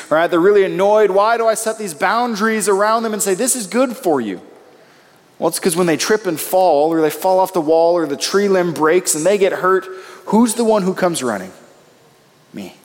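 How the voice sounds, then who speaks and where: Male pastor in his thirties, higher-pitched, emphatic preaching with swings in pitch, recorded in a reverberant hall. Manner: emphatic, rising and falling delivery. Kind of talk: sermon.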